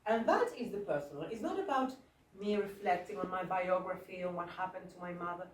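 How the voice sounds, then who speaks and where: A woman drama teacher leading a workshop, coaxing her group along with questions in an animated teaching manner. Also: lowish voice, brisk, a little hiss or hum. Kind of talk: interactive teaching. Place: school hall. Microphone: room mic at a distance. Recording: echoey hall from far off.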